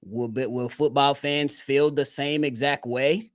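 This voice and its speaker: A man calling in to a sports show, talking in a relaxed, slangy way as he thinks out loud. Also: mid-range voice, a little slow, dry recording, clean studio sound. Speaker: guest caller. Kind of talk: casual sports talk.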